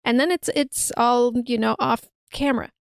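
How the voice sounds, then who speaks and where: A woman with a high voice chats through a film discussion on a casual podcast. Her delivery is conversational, and the sound is dry and close. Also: normal speed, gravelly, clean tone, dry recording.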